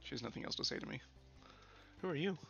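Lively joking male streamer, lo-fi mic. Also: medium pitch, fast, creaky. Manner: chatty, joking, swearing to chat. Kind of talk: let's play commentary. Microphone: older desk mic. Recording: dull lo-fi mic. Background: faint game music.

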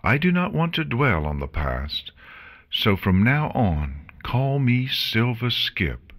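A man reading an audiobook and voicing a young female former changeling queen who speaks quietly, earnestly and formally. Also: mid-range voice, very animated, slow pace, voice pushed up, exaggerated voice. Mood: resolute. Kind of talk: audiobook reading of fan fiction.

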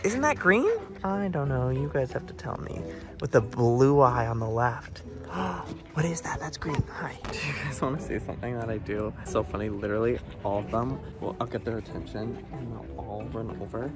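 A man hosting a casual vlog, playful and animated as he chats to his puppies. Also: medium pitch, normal speed. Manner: animated, playful, baby-talks to dogs. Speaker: vlogger host. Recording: vlog with background music.

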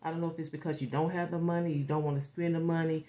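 A woman with a fairly low voice reads tarot cards for her viewers in a loose, rambling way. She swears freely and slips into whispers as she senses the reading, then picks back up. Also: rapid-fire. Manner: rambling, animated, swears freely, acts out quoted reactions. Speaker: tarot reader. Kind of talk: casual tarot forecast.

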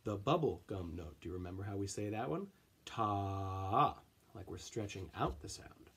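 A man's voice: lowish voice, sing-song, a little fast, gravelly, breathy edge. A man teaching an elementary music class, counting in and chanting rhythm syllables for the children to clap along.

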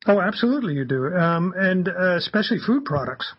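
A man, a radio guest, telling anecdotes in an animated way and acting out the quoted dialogue. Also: high-pitched, brisk, husky, highs cut off. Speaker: guest, campaigner. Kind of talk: anecdotal storytelling on a radio talk show.

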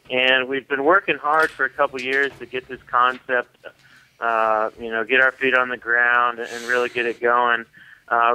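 A man calling in by phone as a radio guest, relaxed and matter-of-fact. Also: medium pitch, clear, resonant tone. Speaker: phone-in guest, clothing company founder. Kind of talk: phone interview. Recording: dry, dull phone-in line.

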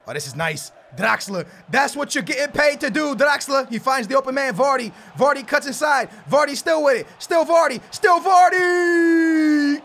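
High bright young man shouting gameplay commentary. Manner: swings from flat muttering to shouting outbursts. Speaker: gaming YouTuber.

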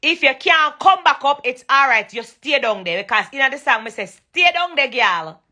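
Bright-voiced Jamaican woman going live. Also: high voice, lively intonation, brisk. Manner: emphatic, repetitive, switches into patois. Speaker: dancehall singer thanking fans on a live stream. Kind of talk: casual live-stream chat. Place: bedroom at night.

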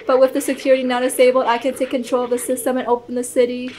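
A woman's voice: high-pitched, flat delivery, racing, darkish tone, natural voice, rough recording. A woman reading as a loyal little robot drone. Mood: solemn. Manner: reading on-screen dialogue in her own voice. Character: small loyal robot drone companion, self-sacrificing. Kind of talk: reading game subtitles aloud.

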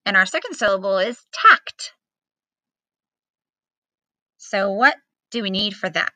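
A woman teacher giving a remote phonics lesson to young children, slowly sounding out letters and syllables in a patient, encouraging way. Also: medium pitch, animated, bright, forceful tone, no echo.

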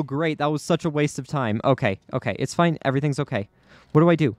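A man's voice: medium pitch, expressive, fast talker, a little mellow, no room sound, faint music behind. A man giving live commentary over his own gameplay, anxious and repeating himself under pressure. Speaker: gaming YouTuber.

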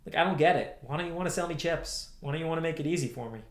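A man's voice: a little high, very fast. A man in his thirties ranting on a livestream, heated and profane, repeating himself as he answers chat. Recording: roomy echo.

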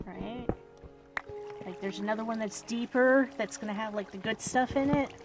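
A woman's voice: fairly high pitch, moderate pace. A woman casually commenting on her own gameplay, chatting to herself and the game and slipping into whispers. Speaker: gaming video host. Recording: loud background music.

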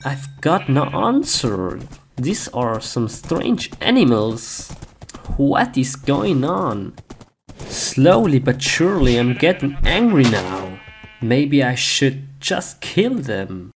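A man's voice: medium pitch, big pitch swings, takes it slowly, slight background noise. A man voicing a cheerful, reckless young hero in a cartoon, playful and giggly. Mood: gleeful.

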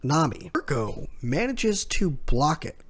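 A man's voice: fairly high pitch, sing-song, takes it slowly, breathy edge. A man casually recapping a comic chapter, retelling scenes loosely, quoting characters, and chuckling often. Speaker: manga chapter recap host.

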